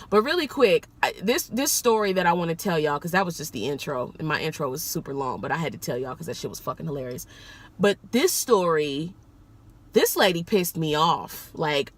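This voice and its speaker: A woman rideshare driver telling a story in a casual vlog, loose and profane with big swings in pitch. Her voice is bright and forward, and she jumps up high to make a point.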